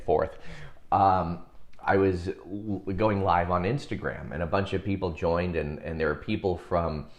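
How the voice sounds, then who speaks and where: Low-voiced man rambling on a livestream. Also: moderate pace. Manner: rambling, many fillers, chuckles often. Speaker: hypnosis and success coach. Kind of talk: casual livestream chat reading viewer comments.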